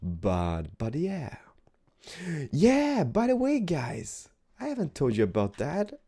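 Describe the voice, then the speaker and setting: Young male gaming host, tired morning voice, warm low-key tone, chatty and rambling with wide pitch swings. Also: slow. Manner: rambling, animated, repeats words, drops into whispers. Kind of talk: casual gameplay commentary.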